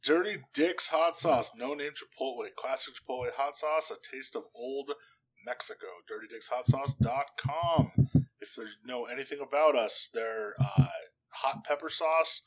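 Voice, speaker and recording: A man's voice: mid-range voice, moderate pace, rough recording. A man co-hosts a casual podcast. He talks in a loose, chatty way, with an everyday mid-range voice. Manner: laid-back, chatty. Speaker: podcast co-host. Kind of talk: casual chat.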